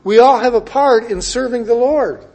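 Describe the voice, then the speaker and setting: A man preaching a sermon, reading scripture and explaining it with emphatic swings between loud declarations and hushed asides. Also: extremely high pitch, normal speed.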